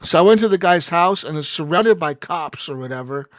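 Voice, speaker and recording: Podcast host, male, slightly high pitch, animated and foul-mouthed storyteller, dry close sound. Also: fairly quick, dry recording. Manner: animated, profane storyteller who acts out dialogue. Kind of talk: casual chat, retelling a video game story.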